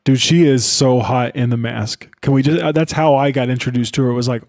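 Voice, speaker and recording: A man's voice: medium pitch, steady tone, fairly quick, a little mellow. A man co-hosting a podcast, talking about a film in a loose, laid-back way and saying dude a lot. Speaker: podcast co-host. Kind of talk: casual film chat.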